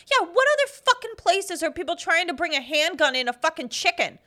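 A woman's voice: very high-pitched, fast, few pauses, pushed and bright. A woman co-hosting a casual chat about odd news stories, laughing often and swearing casually. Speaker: co-host.

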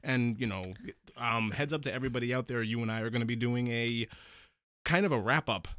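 A man's voice: medium pitch, brisk, a bit bright. A man co-hosting a casual podcast, sharing opinions on a TV series and repeating phrases as he thinks aloud. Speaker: podcast co-host. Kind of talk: casual episode review chat.

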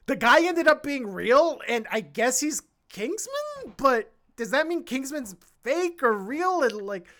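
A woman's voice: high-pitched, very animated, a little slow, a bit bright. A woman co-hosting a podcast, recapping a movie plot in casual, rambling chat and swearing freely. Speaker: podcast co-host.

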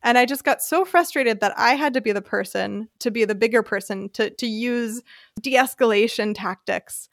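An American woman hosting a podcast, telling a personal story in a casual, animated way and acting out the voices she quotes. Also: on the high side, moderate pace, no room sound, clean studio sound. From United States. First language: English. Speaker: podcast host.

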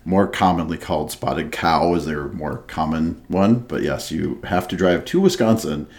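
Man, low voice, easygoing co-host banter. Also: normal speed, a little mellow. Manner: joking, reads beer label aloud. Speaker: podcast co-host. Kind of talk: casual chat.

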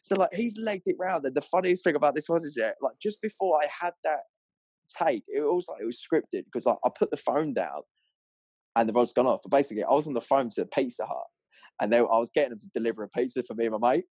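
A young man, an angler, telling a story in an animated, rambling way full of fillers, on a clip-on mic. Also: medium pitch, fast talker, husky, no room sound. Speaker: angler guest. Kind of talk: excited storytelling.

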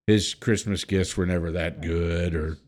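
This podcast host is a man whose low voice keeps a steady tone at a measured pace. On his casual show he reads out headlines and makes crude jokes, sometimes loud, sometimes mumbling.

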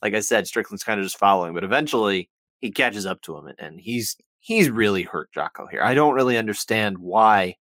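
A man co-hosting a podcast, talking through scores in a measured way, thinking out loud with frequent restarts. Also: on the low side, lively intonation, dry recording. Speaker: podcast co-host. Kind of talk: casual podcast chat about fight scoring.

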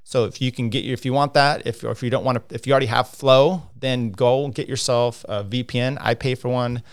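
A man's voice: mid-range voice, steady tone, fairly quick. A man hosting a casual cycling livestream, rambling with lots of fillers and restarts as he talks through standings and viewer comments.

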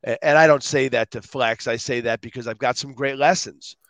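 Middle-aged male guest, animated rambling storyteller, mid pitch, dry recording. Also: a little fast, vocal fry, no room sound. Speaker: guest speaker. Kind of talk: casual interview storytelling.

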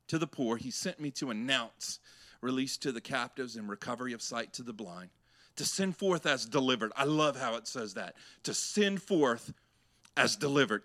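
A man's voice: mid-range voice, a bit bright. A man, a pastor preaching a sermon to his church, shifting between conversational asides and raised, emphatic delivery.

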